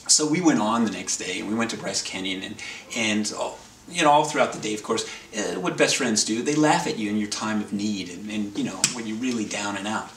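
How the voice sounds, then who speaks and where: A man's voice: lowish voice, brisk, fairly bright tone. A wry man rambling through a story. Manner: rambling, self-correcting, wry. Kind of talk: casual anecdote told to camera. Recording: roomy, distant, faint background noise.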